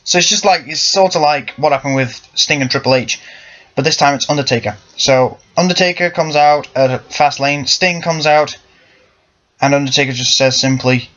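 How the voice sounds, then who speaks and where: With a fairly bright voice on the high side and a normal speaking speed, a young wrestling fan vlogger rambles casually about the sport. Self-corrections come up frequently, and the recording is muffled and lo-fi.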